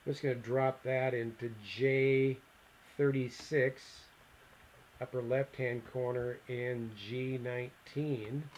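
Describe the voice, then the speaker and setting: A man teaching a software lesson on a screen recording. He thinks aloud, reads out the steps and mutters asides to himself as he clicks through them. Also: medium pitch, flat delivery, slow, slight background noise, rough recording. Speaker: instructor.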